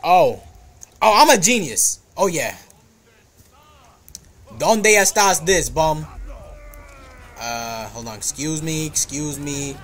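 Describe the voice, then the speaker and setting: Speaking slowly and pausing often, a man with a fairly high voice gives live commentary on his game stream. He cracks jokes, trash-talks enemies, and breaks into excited outbursts, addressing both himself and his chat.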